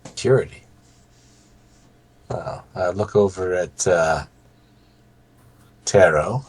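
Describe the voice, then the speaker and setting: A man playing a character in a tabletop role-playing game, speaking in a halting, polite manner. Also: low voice, darkish tone, breathy edge. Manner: halting, polite, stumbling over words. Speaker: player.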